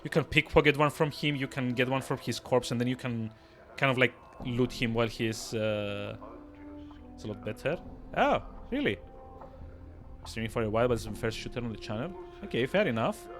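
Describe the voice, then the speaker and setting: A man live-streaming a game from his desk, talking casually to viewers. He rambles, stumbles over his words and restarts his sentences. He chuckles often, and his voice sits at a middling pitch. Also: a little fast, fairly bright tone, faint music behind. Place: at his desk with two screens.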